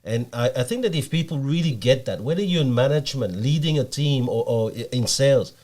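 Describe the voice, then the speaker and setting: A man's voice: mid-range voice, lively intonation, fairly quick, darkish tone. A man hosting a podcast interview, encouraging and complimentary toward his guest. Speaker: podcast host.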